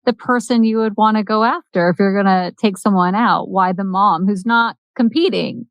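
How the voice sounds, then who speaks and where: A woman's voice: medium pitch, normal speed, no room sound. A woman co-hosting a podcast, reacting and joking in casual chat. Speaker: podcast co-host.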